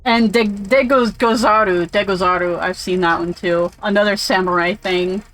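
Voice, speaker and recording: A woman's voice: mid-range voice, steady tone, moderate pace, a bit bright, poor audio. A woman casually commentating while playing a game, rambling and swearing freely. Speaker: let's play streamer.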